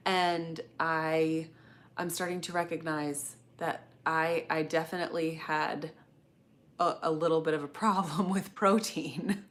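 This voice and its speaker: A middle-aged woman hosting a casual livestream, reading viewers' comments aloud and chatting in a rambling way with many fillers and self-corrections. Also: lowish voice. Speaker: channel host reading live chat.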